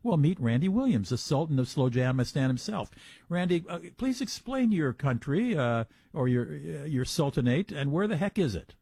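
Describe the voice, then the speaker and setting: A man's voice: a little high, sing-song, normal speed, gravelly, mellow, breathy edge, dry recording. A man hosting a radio talk show, reading sponsor copy and introducing a guest in an upbeat, playful way.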